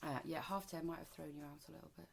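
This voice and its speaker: A woman's voice: sits low, steady tone, fast, gravelly, poor audio. A woman in her forties from the Wirral, co-hosting a casual chat podcast, talking freely, swearing and acting out bits of dialogue. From the Wirral, England. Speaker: podcast co-host.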